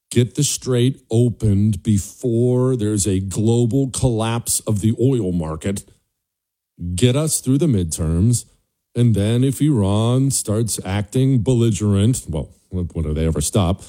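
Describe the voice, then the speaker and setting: A man's voice: lowish voice, warm tone. A male talk show host giving an emphatic, scornful political monologue, repeating his points for stress.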